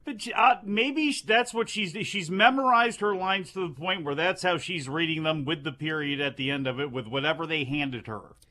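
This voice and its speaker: A man's voice: fairly high pitch, moderate pace, hardly any pauses, bright, forceful tone. A man co-hosting a casual podcast who offers mild, hesitant counterpoints. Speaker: podcast co-host. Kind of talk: casual wrestling discussion.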